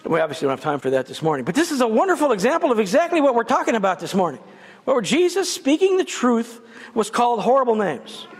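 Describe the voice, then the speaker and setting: Speaking fast in a husky, very high-pitched voice, this guest preacher is extremely animated. He gives a conversational sermon full of humorous asides in a church sanctuary, where long church reverb hangs on every word.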